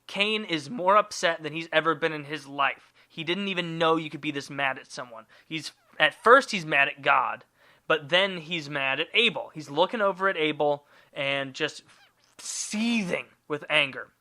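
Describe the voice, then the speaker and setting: A man's voice: on the high side, normal speed, pushed and bright. A man telling stories as a podcast host, in a crude, rambling, sarcastic comic manner. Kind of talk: irreverent comic storytelling.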